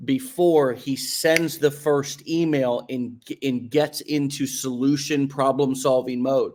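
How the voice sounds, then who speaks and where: A man's voice: medium pitch, fairly even intonation. Guy hosting a podcast, coachy, drags out words to make a point. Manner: coaching, drawn-out emphatic phrases. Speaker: podcast host. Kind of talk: casual interview chat.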